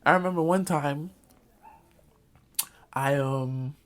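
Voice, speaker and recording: A man's voice: on the high side, takes it slowly, fairly bright tone. A young man telling a comic school story in a storytime vlog, acting out quotes. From Jamaican family, Caribbean community. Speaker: vlogger.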